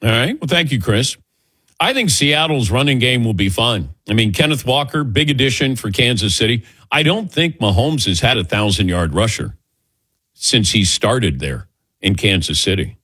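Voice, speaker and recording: A man hosting a sports talk radio show, taking callers in a relaxed, joking, conversational way. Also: medium pitch, breathy edge. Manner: relaxed, conversational, quick to joke. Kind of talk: casual sports radio chat.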